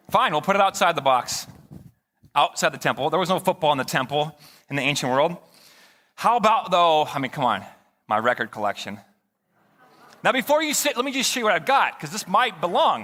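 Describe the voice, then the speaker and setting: A man's voice: a little high, big-room sound. A male pastor preaching a conversational sermon, joking and talking back and forth with his congregation in a church. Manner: animated, conversational, jokes with the congregation. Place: church sanctuary.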